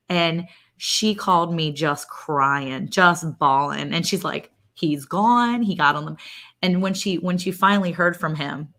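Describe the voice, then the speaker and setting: Low-voiced woman telling a heartfelt story. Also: a bit bright. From Maryland, USA. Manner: earnest, rambling storytelling. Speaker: co-host. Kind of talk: casual chat.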